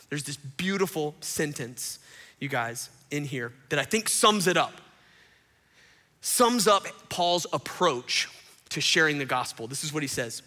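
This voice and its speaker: A middle-aged pastor preaching a sermon from a church stage, telling stories with big swings between loud bursts and hushed asides. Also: male voice, on the high side, expressive, unhurried, long pauses.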